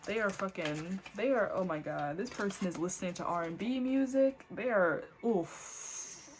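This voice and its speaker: A young woman doing a casual tarot reading at home, talking in a lively, loose way with frequent swearing and exclamations. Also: medium pitch, moderate pace, slight background noise. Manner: animated, swearing, breaks into laughs and snatches of singing. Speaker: tarot reader.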